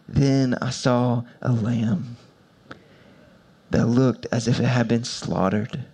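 A man preaching a sermon, moving between quiet, low passages and loud, high-pitched emphasis, with repeated building phrases. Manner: repetitive, building rhetorical preaching. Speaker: pastor.

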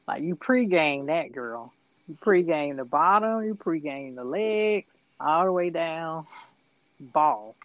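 A woman's voice: low voice, expressive, slow pace, dry recording. A woman co-hosting a podcast, chatting casually in a blunt, slangy, giggly way as she recaps a movie. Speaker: podcast co-host. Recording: dull lo-fi audio.

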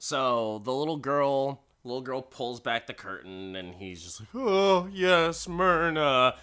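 A man's voice: mid-range voice, pushed and bright, clean tone. A man giving a casual, profane, jokey recap of a show. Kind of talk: casual commentary.

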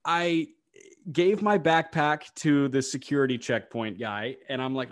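A young man co-hosting a casual sports podcast, telling stories in an animated, ranting way. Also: medium pitch, unhurried. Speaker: podcast co-host.

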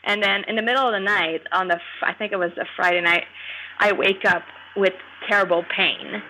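A woman from Canada tells a story as a guest in a casual podcast chat. Her voice is bright and forward, with a middle pitch. She tells it in an animated way and often laughs as she goes. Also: brisk, rough recording.

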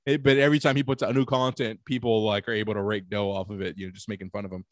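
A man's voice: lowish voice, little pitch movement, rapid-fire, no echo, studio quality. A man in casual podcast chat, telling rambling, profane stories with many restarts. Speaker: podcast co-host.

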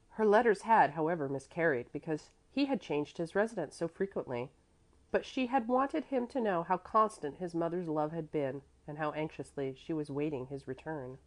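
Low-voiced woman narrating a classic story. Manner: steady, measured reading. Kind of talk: audiobook narration.

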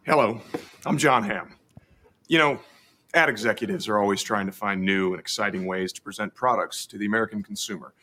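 An actor playing a smug, deadpan TV spokesman in a spoof ad, speaking with a smooth, confident pitch. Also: a little fast. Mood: deadpan salesy. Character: smug male ham-selling TV pitchman, deadpan. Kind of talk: comedy sketch ad read. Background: music under the ad.

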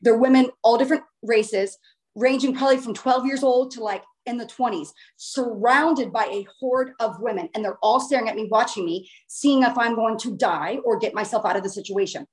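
A woman casually telling a long personal story in a chatty, animated way, with the odd swear word. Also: fairly high pitch, normal speed.

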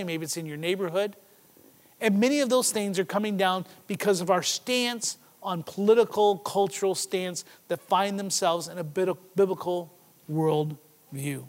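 A man with a fairly high voice delivers a sermon. He swings from loud, emphatic stretches down to hushed, drawn-out lines. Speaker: preacher.

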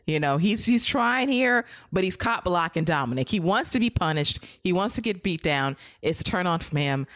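Low voiced woman hosting a wrestling podcast, animated, dry sound. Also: moderate pace, hardly any pauses, dry recording. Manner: animated, acts out wrestler promos. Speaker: podcast co-host. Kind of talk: casual wrestling recap.

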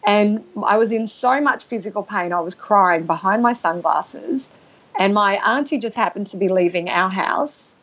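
A woman speaks in an ordinary mid-range voice, recounting her own story in an interview. She is emotional and halting, often restarting sentences and clearing her throat. The recording sounds dull and lo-fi. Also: mid-range voice, fairly bright tone. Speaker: guest. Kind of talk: personal storytelling in conversation.

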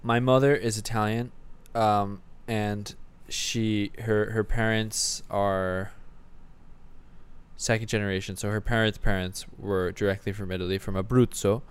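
A young man co-hosting a comedy podcast, delivering sarcastic rants in a deadpan manner with occasional swearing. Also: fairly low pitch, unhurried, clean tone. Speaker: podcast co-host. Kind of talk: satirical comedy podcast banter.

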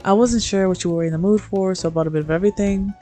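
A woman voicing a scruffy, stern man who is gruff but gentle, speaking in plain, low reassurance in a fanfic reading. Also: fairly even intonation, fast, soft background music, close to an everyday voice.

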